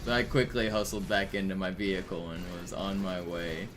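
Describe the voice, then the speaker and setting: A man's voice: low-pitched, brisk. A young man streaming a game, telling stories casually with lots of fillers and swearing. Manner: rambling, profane, filler-heavy storytelling. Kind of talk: casual gaming stream chat. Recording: steady background noise.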